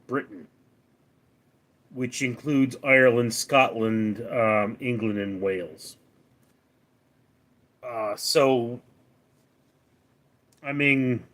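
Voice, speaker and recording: A young man from Los Angeles hosting a live stream, casually reading viewer comments aloud and answering them in a relaxed, rambling way. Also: medium pitch. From Los Angeles, California. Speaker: livestream host.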